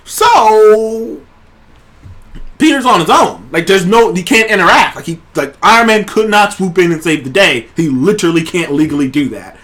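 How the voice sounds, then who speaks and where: A man hosting a casual trailer review show, talking in an excited, rambling way and swearing freely. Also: high voice, moderate pace. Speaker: show host.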